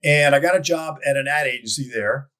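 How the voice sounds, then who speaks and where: A man telling stories as a guest in a casual interview, rambling with frequent restarts and lively quoted voices. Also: medium pitch, a little fast. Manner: rambling with many restarts, animated quoting. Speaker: guest, advertising copywriter. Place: lives in Dallas.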